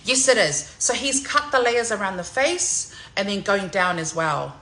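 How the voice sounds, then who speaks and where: A woman, chatting excitedly in a salon vlog, loud, laughing and swearing freely. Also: mid-range voice, normal speed, poor audio. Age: 40s. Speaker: singer.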